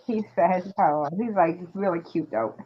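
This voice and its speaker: A woman's voice: fairly low pitch, normal speed. Chatty woman on a lo-fi stream. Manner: animated storyteller, laughs often, acts out children's voices in quotes. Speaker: guest on a live stream. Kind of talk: casual chat. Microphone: live-stream call microphone. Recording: dull lo-fi stream audio.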